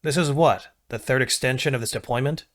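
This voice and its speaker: A man's voice: mid-range voice, a little fast, close to an everyday voice. A man voicing a weary, sarcastic young male Marine corporal who grumbles.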